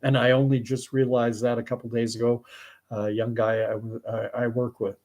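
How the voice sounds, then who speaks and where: A middle-aged Canadian man with a Canadian accent, chatting casually on his vlog and reading viewer comments, halting and rambling with many restarts. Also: medium pitch, flat delivery, darkish tone. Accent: Canadian English.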